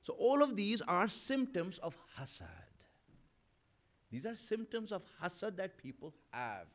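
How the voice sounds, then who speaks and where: A man's voice: high-pitched, big pitch swings, a little slow, a bit bright. A man, a maulana, giving a sermon at a mourning gathering. He talks to the audience as friends and acts out imagined arguments. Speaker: maulana giving a Muharram majlis talk. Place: Islamic center gathering.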